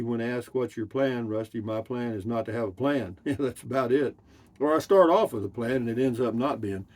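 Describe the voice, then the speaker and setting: A man's voice: mid-range voice, darkish tone. An older man, casually reading out and answering viewer comments in a folksy, rambling way. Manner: rambling and folksy, drawling with slangy asides.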